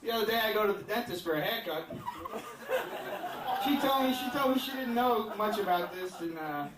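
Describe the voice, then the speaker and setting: A man's voice: high-pitched, animated, brisk, heavy background noise. A male stand-up comedian rambling through a crude, self-deprecating set with lots of fillers. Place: comedy club stage with a laughing crowd. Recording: echoey club, distant mic, loud crowd laughter.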